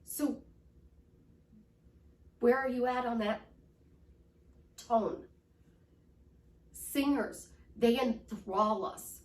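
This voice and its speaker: Slow-spoken woman life coach, roomy. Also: fairly high pitch, recorded from a distance. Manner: enthusiastic, demonstrates tone shifts by swinging her voice up and down. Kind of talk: motivational teaching. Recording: roomy echo, voice from off-mic.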